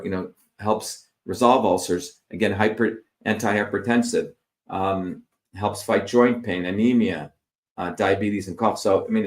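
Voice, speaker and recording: A middle-aged man explains a slide presentation, working through long lists of terms with filler words. His voice sits on the lower side. The sound carries a roomy echo. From India. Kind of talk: explanatory lecture over slides.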